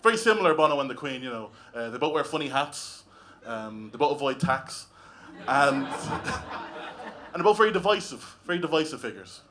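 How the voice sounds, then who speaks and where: A man's voice: mid-range voice, big pitch swings, normal speed, sharp tone. An Irish man doing a stand-up comedy set on a club stage, talking in a wry, conversational way with lots of tag questions. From Ireland.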